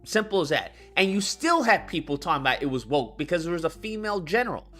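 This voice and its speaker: A man's voice: high voice, sing-song, fast talker, hardly any pauses, fairly bright tone, faint music behind. A man hosting a livestream, ranting about video games with lots of swearing and repetition while reading out chat comments. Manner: profane, heated, rants and repeats itself. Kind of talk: unscripted gaming rant.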